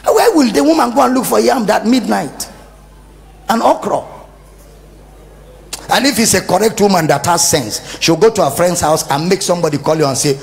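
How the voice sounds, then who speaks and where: A man preaching a sermon with a Nigerian English accent, animated and humorous, acting out little scenes for the congregation. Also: sits high, moderate pace, creaky, long pauses. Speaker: pastor. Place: church service.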